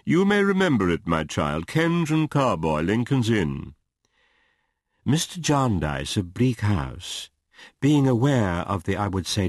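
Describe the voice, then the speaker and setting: A man voicing a formal, long-winded, old-fashioned lawyer with a deliberate manner. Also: lowish voice, dry recording, clean studio sound.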